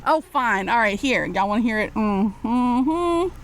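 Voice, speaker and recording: A woman's voice: medium pitch, fairly quick, fairly bright tone, slight background noise. A woman host, chatting casually on live radio, rambling and cheeky, laughing often between phrases.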